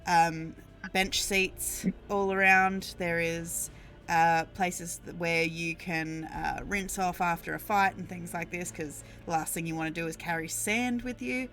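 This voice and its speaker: A woman's voice: on the low side, steady tone, unhurried, fairly bright tone, faint music behind. A woman running a tabletop game as game master, narrating loosely and casually, with fillers and laughs.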